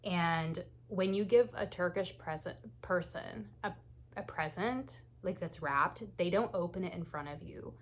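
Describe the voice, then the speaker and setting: A woman with a lowish, unhurried voice hosts a knitting channel. She tells casual knit-and-chat stories in a chatty way, laughing often and saying "like" a lot.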